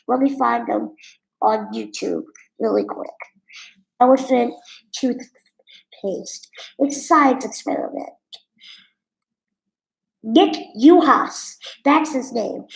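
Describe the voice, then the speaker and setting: A woman's voice: sits high, gravelly, darkish tone, reverberant, poor audio. A woman streamer telling a story and reading viewer comments in a blunt, sassy, candid way. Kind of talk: casual livestream storytelling.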